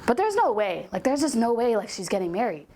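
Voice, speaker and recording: A woman's voice: on the high side, sing-song, brisk, dark tone, a little hiss or hum. A woman voicing a whiny, jealous young woman coworker with a complaining, plaintive tone while telling a story. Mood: incredulous.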